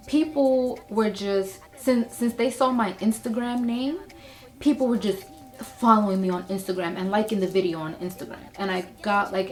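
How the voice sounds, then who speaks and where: A young adult woman talking candidly to camera in a casual vlog, chatty and open, moving between reflective and excited. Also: medium pitch. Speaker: beauty and lifestyle creator.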